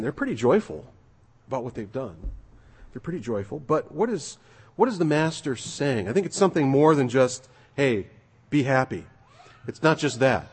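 A man delivers a sermon in a lively, swooping voice with a touch of huskiness. He preaches in an emphatic, conversational way. His words ring out with the long reverb of a large church hall. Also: medium pitch, moderate pace, slightly rough. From United States.

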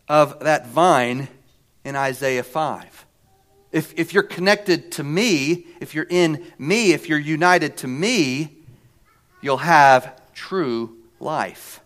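A man preaching a sermon in a deliberate, emphatic way, often repeating a word before he carries on. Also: medium pitch, fairly bright tone.

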